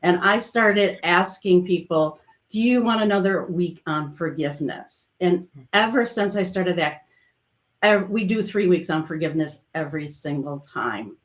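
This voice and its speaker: A woman coach hosting a casual online chat, speaking gently and reflectively. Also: fairly low pitch, expressive, unhurried. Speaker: coach and host.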